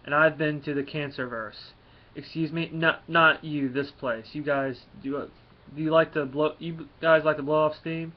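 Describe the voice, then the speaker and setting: A man's voice: a little high, steady tone, moderate pace, dull audio, close to an everyday voice. A man reading as a grumpy space adventurer. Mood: grumbling.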